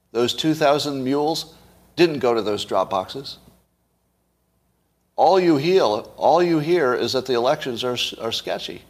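A middle-aged man giving solo commentary, sarcastic, asking his audience rhetorical questions and chuckling at his own points. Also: medium pitch. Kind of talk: solo political commentary to camera.

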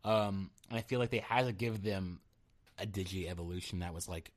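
A man's voice: sits low, normal speed. A man in casual chat who rambles, laughs and swears as he talks over a cartoon series.

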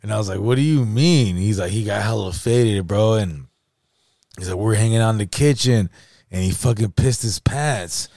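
A man's voice: lowish voice, normal speed, warm tone, no echo, studio quality. A young man, telling a profane, laughing story in casual chat and acting out the quotes. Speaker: podcast host.

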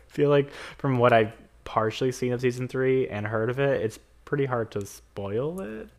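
A woman's voice: very deep voice, lively intonation, moderate pace, darkish tone. A young woman co-hosting a podcast in casual chat, eager and upbeat, often answering in short replies. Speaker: podcast co-host.

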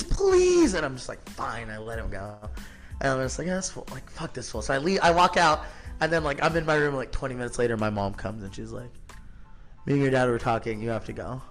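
A man's voice: medium pitch, fairly bright tone. A man in his thirties, a podcast guest telling his story in a blunt, profane, casual way, full of filler words. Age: 30s.

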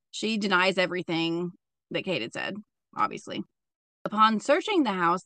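A young woman with a medium-pitched, fairly bright voice hosts a true-crime podcast in a loose, chatty style. Profanity and frequent "like" fillers run through her storytelling, and the close-up recording is dry.

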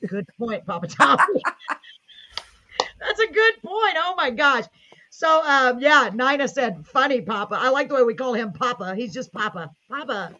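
A woman's voice: high-pitched, lively intonation, measured pace, sharp tone, lo-fi sound. A woman hosting a live online show, gushing and enthusiastic as she chats with her guest and reads viewer comments aloud. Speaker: host.

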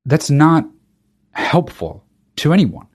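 A man's voice: a little high, sing-song, takes it slowly, darkish tone, slightly rough. A man hosting a podcast, talking alone in a casual monologue, ranting with emphatic profanity and frequent restarts. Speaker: podcast host.

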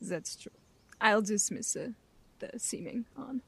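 Giggly woman with a lively voice. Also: medium pitch, a little slow, vocal fry, husky. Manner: giggly, playful. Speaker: player. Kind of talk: casual game chat.

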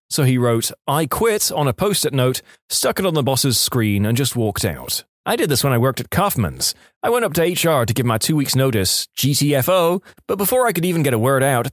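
A man's voice: medium pitch, dry recording, studio quality. A man narrating reader-submitted stories in a scripted storytelling delivery.

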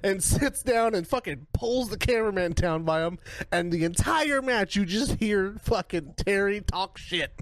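A man retelling events in casual podcast chat, animated and swearing a lot. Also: high voice, normal speed, dry recording. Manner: animated storyteller, heavy swearing.

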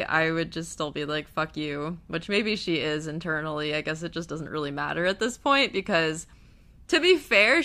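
A young woman casually recapping a TV episode, gushing and emotional, her voice dropping soft and then rising loud with feeling. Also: low-pitched. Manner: gushing, emotional, swings between hushed and loud. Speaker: TV recap vlogger.

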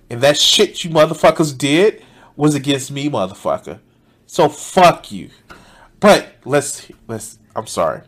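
A man streaming a reaction to a video, mocking it with heavy swearing and frequent laughter. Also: fairly high pitch. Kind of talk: profane live reaction commentary.

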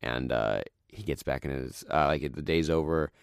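A young man chatting casually and retelling stories with lots of fillers, dropping into a low, quiet voice when he quotes characters. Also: normal speed, clean tone, dry recording, clean studio sound.

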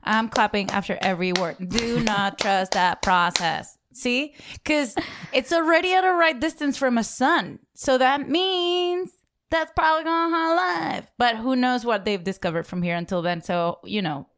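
A woman co-hosting a casual chat about a TV episode, animated and quick to laugh. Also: high-pitched. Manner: animated, laughing, playful impressions. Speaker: podcast co-host.

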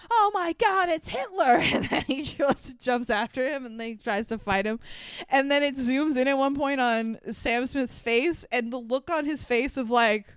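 A young woman co-hosting a podcast, chatting casually about a movie with animated, swearing reactions. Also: high voice, smooth, dry recording. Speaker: podcast co-host. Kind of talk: casual movie review chat.

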